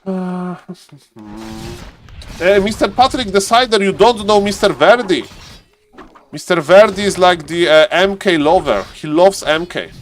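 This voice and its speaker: A man's voice: high-pitched, animated, slow, a little hiss or hum. A man casually commentating a live strategy game, chatting to viewers and players as he goes. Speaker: esports caster.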